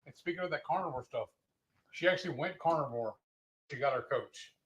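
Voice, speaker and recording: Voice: mid-range voice, brisk, lo-fi sound. A co-host in casual livestream chat, chiming in with brief, dry asides.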